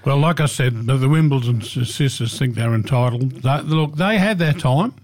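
Blunt co-host, dry close sound. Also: male voice, mid-range voice, animated, normal speed, darkish tone, no room sound. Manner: blunt, opinionated. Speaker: radio sports co-host. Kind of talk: casual sports chat.

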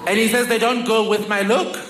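A woman's voice: medium pitch, steady tone, a little fast, a crowd in the background. A woman from Africa, telling a personal story on stage with wry, dry humor. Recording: roomy hall with faint noise.

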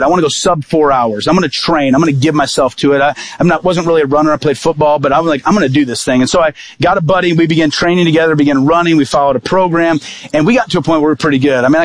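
A man preaching as an evangelist, telling a personal story in a lively sermon style and acting out what people said. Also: a little high, no room sound. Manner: vivid storytelling, acting out quoted dialogue.

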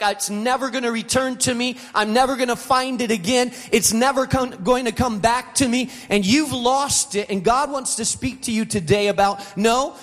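A middle-aged pastor's high-pitched, slightly bright voice carries through a large auditorium with long hall reverb. During his sermon, he tells a story and acts out the voices of those in it.

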